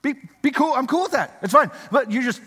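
A man's voice: very high voice, lively intonation, fairly quick, bright, forceful tone, slightly rough, in a large hall, pitched above the performer's own voice, heavily acted. A man putting on a mocking voice of an easygoing man who waves away sin. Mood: mocking breezy. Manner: breezy, dismissive, mocking.

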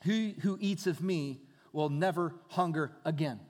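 A man's voice: fairly high pitch, measured pace, a little mellow. A man preaching a sermon as a pastor, talking conversationally, asking rhetorical questions and repeating his phrases. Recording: reverberant hall.

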